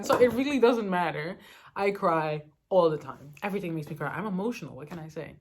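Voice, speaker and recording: A young Dutch woman, a book vlogger, answers a reading tag in casual chat, using lots of "like" fillers and giggly asides. Her voice is lowish and darkish, she talks fast, and there's slight background noise.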